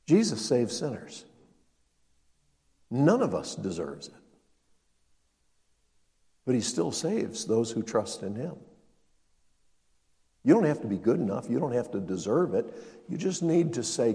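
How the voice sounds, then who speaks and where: Older male preacher, animated storytelling sermon with lively pitch, reverberant hall sound. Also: vocal fry. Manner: storytelling, acting out dialogue with emphatic rises. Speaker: pastor.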